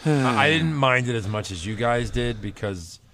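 A man's voice: mid-range voice, lively intonation, a little slow, a bit bright, slight background noise. A man co-hosting a casual podcast, tossing in playful, jokey asides. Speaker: podcast co-host.

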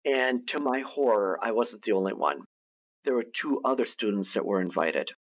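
A man's voice: on the low side, normal speed. A man, a guest on a podcast, tells a story in a casual way, often restarting and repeating his words. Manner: animated anecdote-teller who restarts and repeats words. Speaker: guest, TV producer and director.

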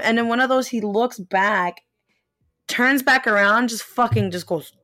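A young woman co-hosting a podcast, telling a story in casual chat, animated and swearing, with lots of fillers. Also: fairly high pitch, a little slow, no echo, clean studio sound. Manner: animated, swears a lot, many fillers, laughs while telling. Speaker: podcast co-host.

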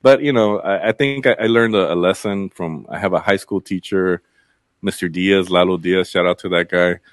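Low-voiced man telling stories candidly. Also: moderate pace, no room sound, studio quality. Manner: candid, rambling storytelling with frequent fillers and swearing. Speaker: podcast guest. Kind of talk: casual conversation.

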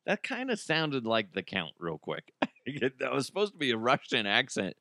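A middle-aged podcast host, slightly sick, runs a casual news show where he rambles, jokes, swears freely and laughs at his own jokes. His voice is a little high, bright and forceful, with big pitch swings at a moderate pace, and there's no room sound.

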